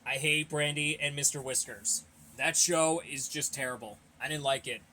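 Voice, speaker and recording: A young man with a bright, fairly high voice hosts a fan Q&A channel, reading out viewer questions in a casual session. He rambles, repeats himself and offers blunt opinions, sounding a little out of breath. His tone is steady at a moderate pace, with a little hiss or hum in the audio.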